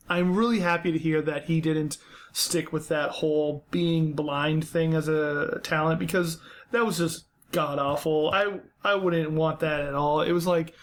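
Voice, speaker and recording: A young man hosting a podcast, giving blunt, unscripted critique in a casual way, with many fillers and restarts. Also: a little high. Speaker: podcast host.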